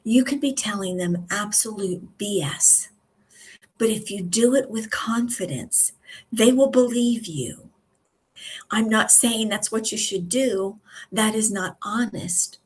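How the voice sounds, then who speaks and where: A husky-voiced woman teaches public speaking in a live video session. She talks slowly and calmly, leaving deliberate pauses between her points. Her tone is steady and instructive, like a coach walking a class through each tip. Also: medium pitch. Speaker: communication coach. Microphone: live video stream.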